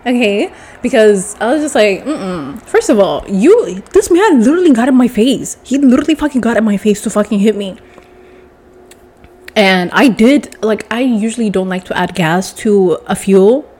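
Young woman, stuffy nose, casual storytime, animated, profane, mid pitch. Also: moderate pace, husky. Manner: animated, profane, addresses listener as baby.

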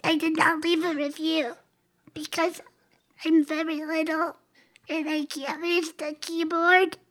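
A man's voice: flat delivery, a bit bright, heavily acted. A man voicing a tiny male pet cat with an innocent, small-sounding manner. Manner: squeaky, slow and small-sounding.

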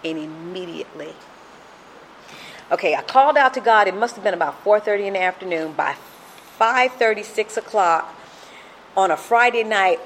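Middle-aged woman, earnest personal testimony, fairly low voice, faint background noise. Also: low-quality recording. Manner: earnest, storytelling with acted-out quotes. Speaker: speaker sharing a recovery story.

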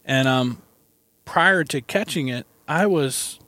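A man's voice: mid-range voice, slow pace, bright, forceful tone, no echo. A man in casual conversation, telling a personal story in an earnest, folksy way, recorded in a parked van. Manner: earnest, folksy, laughs between lines. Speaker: guest.

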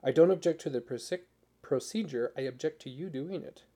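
A man reading as an exhausted young woman in labor, quietly defiant. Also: medium pitch, brisk, creaky. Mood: quietly determined. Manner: soft, steady, firm.

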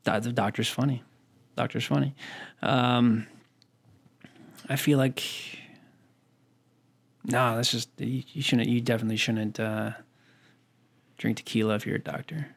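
A man in his thirties co-hosting a casual chat show, often stopping and restarting his sentences. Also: mid-range voice. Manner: rambling, halting restarts. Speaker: podcast co-host.

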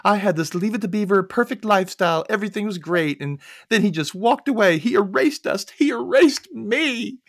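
A woman's voice: medium pitch, expressive, moderate pace, hardly any pauses, voice pushed up. A man voicing a self-pitying, scorned ex-wife in a whiny, melodramatic voice. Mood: aggrieved. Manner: melodramatic whining.

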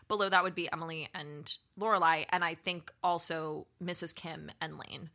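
A woman co-hosting a podcast chats casually, telling stories as an animated storyteller who acts out quotes. Her voice is low-pitched at a moderate pace.

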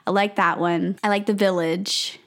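A young woman co-hosting a podcast in casual chat, bubbly and quick to laugh, with lots of fillers. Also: mid-range voice, steady tone, a bit bright. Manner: bubbly, laughs often, says "like" a lot.

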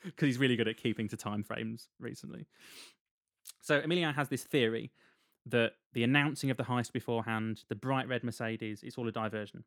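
A man's voice: medium pitch, fairly quick, a bit bright, no room sound. A man, casually retelling a film's plot on a podcast with dry humor and frequent laughs. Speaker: podcast co-host recapping a film. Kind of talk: casual chat.

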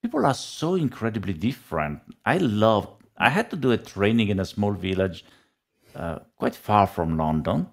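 A man's voice: fairly low pitch, very animated, normal speed, vocal fry. A man from Italy with an Italian accent, a guest in a casual podcast chat, sometimes searching for English words.

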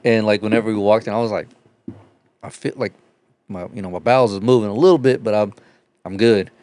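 A man's voice: fairly low pitch, a little fast, a little mellow, no room sound. A young man in casual podcast chat, telling profane, rambling stories and laughing through them.

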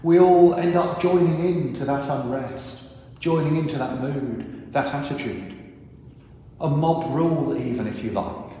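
A priest preaches a storytelling sermon, slipping into voices to act out crowd reactions. His voice sits in a middle register and rings through a large church with a long, booming reverb, over a faint hiss. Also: measured pace, dark tone.

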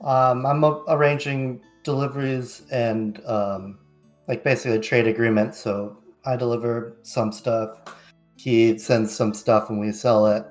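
A man's voice: mid-range voice, little pitch movement, measured pace, a little mellow, soft background music. A man playing a tabletop game, describing his character in a casual, hesitant way. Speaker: player. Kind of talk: tabletop role-play.

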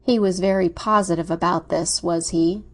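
Young male suitor, charming, scheming, smooth, persuasive, read by a woman. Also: on the low side, fairly even intonation, normal speed, natural voice. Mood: probing.

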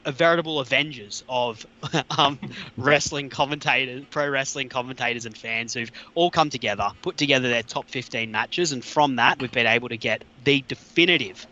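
Bright-voiced Australian podcast host. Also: male voice, mid-range voice, moderate pace, highs cut off, slight background noise. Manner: upbeat, slangy, chatty. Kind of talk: podcast presenting.

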